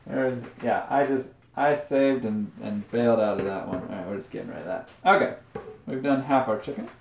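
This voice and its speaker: A young man streams himself cooking in his home kitchen, chatting casually and telling rambling, self-deprecating stories. His mid-range voice moves at a normal speed with some vocal fry. The lo-fi stream audio sounds roomy and dull, with a little hiss or hum.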